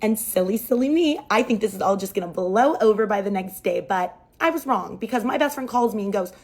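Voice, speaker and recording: A woman's voice: medium pitch, lively intonation, fairly quick, a little mellow. A young adult woman casually telling a dramatic personal story, chatty and sarcastic.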